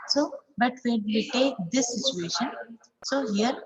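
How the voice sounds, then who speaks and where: A woman's voice: fairly high pitch, unhurried, dull audio. Woman English teacher, patient and repetitive, drills example sentences; online class recording with crowd noise behind. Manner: explains step by step, repeating 'okay, so' and drilling example sentences aloud.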